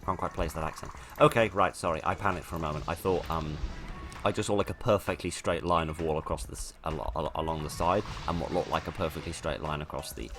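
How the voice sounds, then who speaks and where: A man's voice: extremely low pitch, fairly quick, noisy background. A man giving casual gameplay commentary, chatty and self-deprecating, rambling as he plays. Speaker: let's play host.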